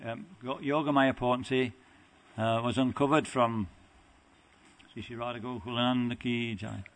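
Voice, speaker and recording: A man giving a devotional lecture, talking haltingly with frequent restarts and self-corrections. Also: medium pitch. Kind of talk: devotional lecture with scripture reading.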